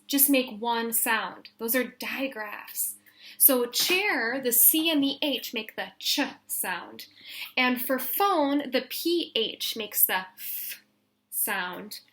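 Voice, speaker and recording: Patient woman teacher for a kids' phonics lesson, slightly higher voice, unhurried delivery. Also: fairly bright tone. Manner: patient, sounds out letter sounds slowly and deliberately. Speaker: elementary school teacher. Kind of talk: recorded remote phonics lesson for young children.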